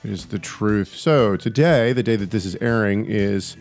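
A man's voice: lowish voice, normal speed, darkish tone, faint music behind. A man co-hosting a faith podcast, chatting casually and telling stories with lots of fillers and restarts. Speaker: podcast co-host.

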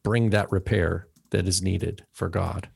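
Low and slightly rough with a creaky edge, this man speaks at a measured pace with fairly even intonation. He's co-hosting a theology podcast, explaining religious history in loose, explanatory chat and trailing off with "right?" again and again.

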